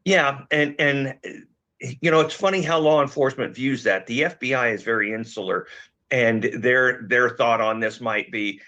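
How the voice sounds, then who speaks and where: A man with a slightly failing voice, a former investigator, giving measured analysis with frequent fillers. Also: mid-range voice, a bit bright. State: losing his voice. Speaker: former law enforcement guest. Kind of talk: conversational expert analysis. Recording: dull lo-fi audio.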